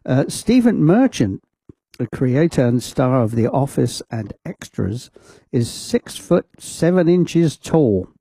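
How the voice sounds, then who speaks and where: A man's voice: mid-range voice, very animated, slow, vocal fry, warm tone, husky, no room sound. A man presenting a radio show from a studio, chatting casually with rambling asides over a studio microphone.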